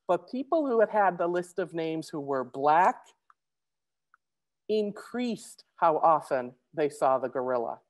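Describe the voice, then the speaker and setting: A woman giving a conference presentation, talking fast with many restarts and fillers. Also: low-pitched, big pitch swings.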